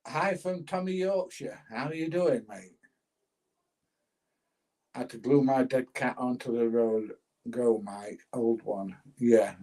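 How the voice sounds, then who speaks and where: A man's voice: medium pitch, gravelly, a little mellow, low-quality recording. An older man casually chatting on a livestream, reading out viewer comments and laughing as he goes. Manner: chatty, laughs often, plain-spoken. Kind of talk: casual chat.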